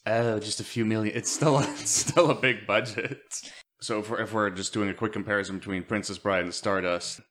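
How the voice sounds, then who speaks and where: A man's voice: on the low side, steady tone, a little fast, fairly bright tone. A man co-hosting a podcast, giving opinionated, rambling takes on a film with lots of filler words. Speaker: podcast co-host. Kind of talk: casual movie-discussion chat.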